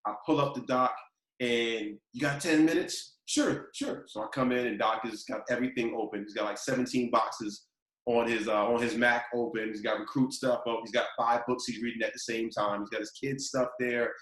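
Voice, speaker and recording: A man hosting a casual talk show, telling lively stories and acting out the quotes. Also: medium pitch, a little fast, echoey room, low-quality recording. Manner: animated storyteller, acts out quotes. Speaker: podcast host. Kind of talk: casual storytelling chat.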